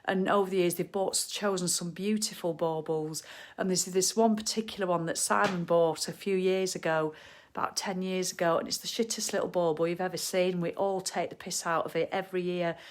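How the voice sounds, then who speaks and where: This middle-aged woman has a lowish voice with fairly even intonation and talks a little fast. Hosting a live stream at home in her living room, she chats cheerfully and bluntly, with laughs and mild swearing.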